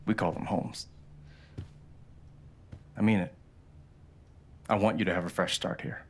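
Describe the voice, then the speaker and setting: An easygoing, teasing big brother. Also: male voice, sits low, fairly even intonation, unhurried, a little hiss or hum. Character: teasing, warm young adult older brother. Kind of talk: video game voice acting.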